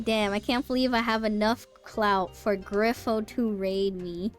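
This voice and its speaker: A woman streaming live, chatting casually with her viewers, bubbly and easily excited, then dropping to soft mutters. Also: medium pitch, unhurried, hardly any pauses, faint music behind. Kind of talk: casual live-stream chat, reading chat aloud.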